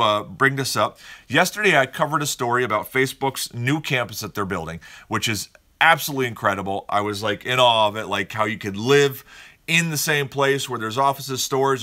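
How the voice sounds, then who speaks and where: A man's voice: mid-range voice, sharp tone. A man hosting a casual morning podcast, chatting and telling stories in a rambling, upbeat way from a room at home. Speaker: morning show host.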